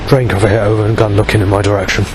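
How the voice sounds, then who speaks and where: A man with a deep, low-pitched voice, rambling through a personal video diary. He is in pain and coughs between coarse, bitter outbursts. A faint hiss sits under his voice. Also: little pitch movement, racing. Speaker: vlogger.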